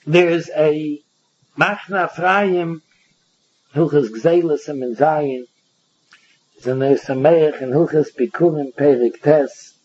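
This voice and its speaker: A man giving a Talmud lecture, animated, acting out both sides of the case. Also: fairly high pitch, takes it slowly, breathy edge. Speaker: Talmud teacher. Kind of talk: Talmud lecture in Yeshivish English. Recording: dull lo-fi recording.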